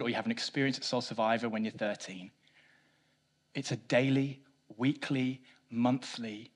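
A man preaching a sermon, swinging between loud emphatic lines and quiet low ones, with a self-mocking touch. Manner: animated preaching, rising loud for emphasis then dropping soft. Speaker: pastor.

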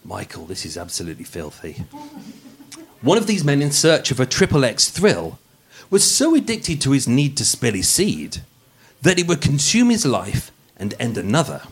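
Before a live audience, an English podcast host with a Birmingham accent narrates true crime, joking, putting himself down, and tripping over his words often. His slightly high voice has a breathy edge and big pitch swings at normal speed.

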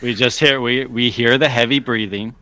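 Bright-voiced wry podcast man. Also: mid-range voice, steady tone, normal speed, no echo. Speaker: podcast co-host. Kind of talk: casual chat.

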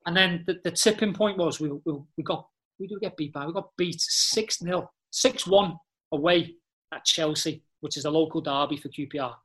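A man tells animated, blunt dressing-room stories, full of slang and swearing. His voice sits a little high for a man. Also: normal speed. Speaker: podcast guest, former footballer. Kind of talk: casual storytelling chat.

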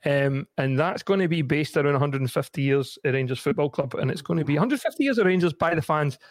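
Scottish male podcast host, chatty and laughing, slightly high voice, dry close studio sound. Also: animated, fast talker, no echo. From Scotland. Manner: chatty, laughing often, frequent ums. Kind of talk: casual podcast chat.

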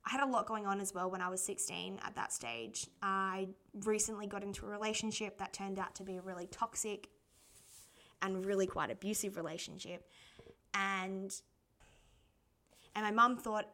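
A woman's voice: medium pitch, normal speed, sharp tone. A young adult Australian woman hosting a podcast, telling personal stories in a candid, casual way. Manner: chatty and candid, laughs often while telling stories. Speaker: podcast host.

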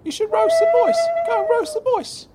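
A man voicing a grown man with a squeaky, high-pitched silly voice in an audio sitcom, mild and stammering. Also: sing-song, moderate pace, background noise, exaggerated voice. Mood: egging on. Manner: mild, stammering, good-natured.

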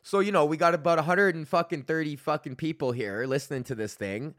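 A man's voice: on the high side, fairly quick, fairly bright tone, dry recording, clean studio sound. A man in his thirties hosting a podcast, rambling in a casual solo rant with heavy swearing and many fillers. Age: 30s. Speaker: podcast host.

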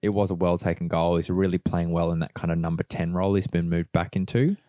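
A man co-hosting a casual football podcast, excitable and swearing freely. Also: sits low, quick pace, dry recording, studio quality. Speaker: podcast co-host.

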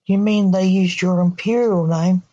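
A woman's voice: mid-range voice, steady tone, normal speed, mellow, dull audio, close to an everyday voice. A woman voicing the emperor's protective older brother in her own plain reading voice. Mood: serious.

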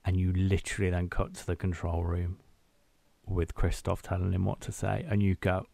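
Low-voiced man recapping a film. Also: normal speed, creaky, no room sound. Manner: animated, quotes scenes in acted-out voices. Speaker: podcast co-host. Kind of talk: casual film chat and plot recap.

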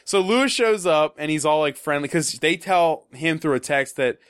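A man casually discussing a movie with friends, animated and swearing, acting out scenes. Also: on the high side, normal speed, smooth.

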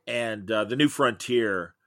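A middle-aged man talks as a guest in a relaxed interview. He rambles through long stories with real enthusiasm, and his voice sounds bright and lively. The sound is close and dry, with no room around it. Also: fairly low pitch, unhurried, no echo. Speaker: guest, comics podcaster. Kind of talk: casual interview chat.

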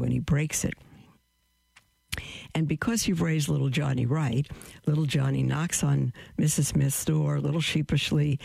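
Guy hosting a call-in show, gravelly voice, a bit high, dry sound, explains stuff earnestly. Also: darkish tone, no room sound. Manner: earnest, halting with restarts. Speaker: Catholic radio host answering a caller. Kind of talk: call-in teaching, explaining with a story.

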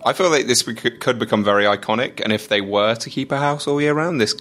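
A man's voice: medium pitch, fairly quick, fairly bright tone. A man co-hosting a casual podcast, earnestly offering his opinions with some hedging. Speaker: podcast co-host.

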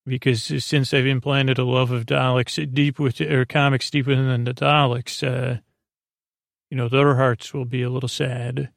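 A man hosting a podcast, giving a rambling bedtime recap of a TV episode and halting often with fillers and self-corrections. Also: medium pitch, little pitch movement, vocal fry, no echo, clean studio sound. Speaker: podcast host.

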